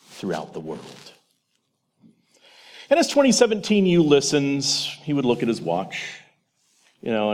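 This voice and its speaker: A man giving a Christian teaching presentation, telling a story straight to the listener in an animated way. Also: on the low side.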